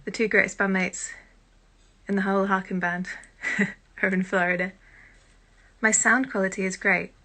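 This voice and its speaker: A British woman hosting a casual live-stream chat on her phone, chatty and self-deprecating, with quiet muttered asides. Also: mid-range voice, flat delivery, normal speed. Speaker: host.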